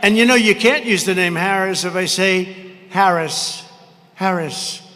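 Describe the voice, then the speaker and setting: Older male candidate, brash and rambling, rather high-pitched, speaking into a podium mic in an echoing arena with faint crowd noise. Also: a little slow. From United States. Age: 70s. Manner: brash, rambling, with mocking asides and shouted lines. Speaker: political candidate at a rally. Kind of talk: campaign rally speech. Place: large arena.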